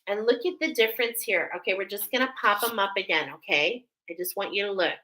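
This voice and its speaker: A woman's voice: medium pitch, fast talker, sharp tone, poor audio. A woman doing a live spiritual oracle card reading, effusive and exclaiming, often breaking into laughter. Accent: American. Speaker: tarot and oracle card reader.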